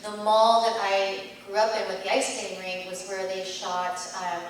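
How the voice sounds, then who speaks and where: A woman's voice: mid-range voice, normal speed. Middle-aged woman telling stories on a con panel, lots of ums, big echoey hall, mic kinda far off. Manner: chatty, animated anecdotes with laughs and fillers. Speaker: actress guest at a fan convention panel. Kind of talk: convention Q&A storytelling. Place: large indoor convention hall. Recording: echoey convention hall from far off, faint noise.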